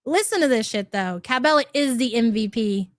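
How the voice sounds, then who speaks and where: A woman's voice: a little high, lively intonation, normal speed, a little hiss or hum. A woman hosting a livestream, reacting to clips with blunt, profane commentary and reading out super chats. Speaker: commentary channel host.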